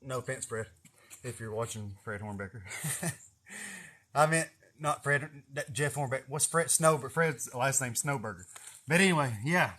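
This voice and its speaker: At a normal speed and a medium pitch, a young man vlogs a casual, rambling story. He's animated, swears freely, and often laughs at himself.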